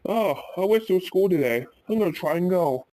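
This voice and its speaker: A man voicing Talking Ben, an excitable cartoon dog, in a raised, eager voice. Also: a little fast. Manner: excited, pleading, raised pitch.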